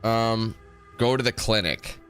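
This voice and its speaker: A gaming YouTuber with a fairly low, slightly bright voice takes things slowly as soft music plays behind him. His commentary is casual and rambling, and he often fixes what he's saying partway through a sentence.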